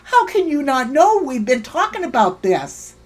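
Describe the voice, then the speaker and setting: Hosting a livestream, a woman launches into a heated rant full of swearing, pausing often to thank and greet chat viewers by name. Her slightly high voice has a sing-song lilt and moves at a normal speed.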